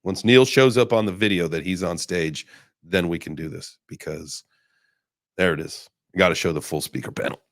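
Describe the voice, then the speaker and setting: A man's voice: lowish voice, dry recording, clean studio sound. A man hosting a casual online chat, talking loosely with plenty of fillers and restarts. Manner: relaxed, rambling, many fillers. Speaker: host.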